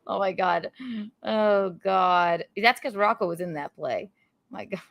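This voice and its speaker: A woman's voice: mid-range voice, a little slow, vocal fry, a bit bright. A young adult woman hosting a podcast, chatting casually and rambling with lots of giggles. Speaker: podcast host. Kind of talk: casual chat.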